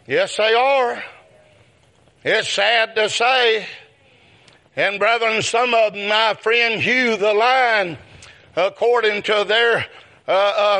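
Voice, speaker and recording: A man preaching a sermon, calling out to the brethren and his friends, telling folksy stories and rising into shouts. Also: high-pitched. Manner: calls out brethren and my friend often, breaking into shouted peaks; folksy storytelling with chuckles.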